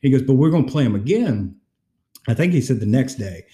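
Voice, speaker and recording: A man's voice: medium pitch, a little fast, roomy sound. A man hosting a casual sports podcast, retelling stories and acting out quotes. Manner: animated storyteller, acts out quotes. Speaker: podcast co-host.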